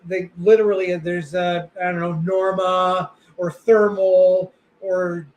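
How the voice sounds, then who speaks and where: A man's voice: sits high, flat delivery, slow, a little mellow, poor audio. A man co-hosting a podcast, chatting casually in a rambling, blunt way with lots of fillers and the odd curse. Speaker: podcast co-host.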